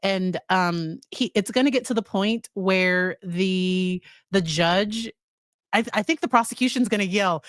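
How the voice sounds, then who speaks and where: A woman's voice: on the low side, normal speed, fairly bright tone, no echo, clean studio sound. A woman psychologist hosting a casual live stream, chatting with her viewers about a trial. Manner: chatty, addresses her live chat directly.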